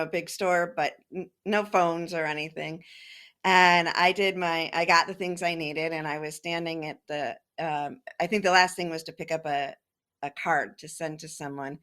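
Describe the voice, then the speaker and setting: A woman life coach as a guest, answering in casual conversation, laughing easily and pausing with fillers. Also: fairly low pitch, fairly bright tone.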